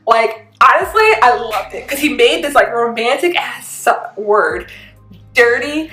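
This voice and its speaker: A woman with a fairly high voice and hosts a casual reaction vlog. She talks in an animated, chatty way, often breaking into laughter and loud exclamations. The room is echoey, with faint music in the background. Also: normal speed. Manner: animated, bursts into laughter and shouting. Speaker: reaction channel host.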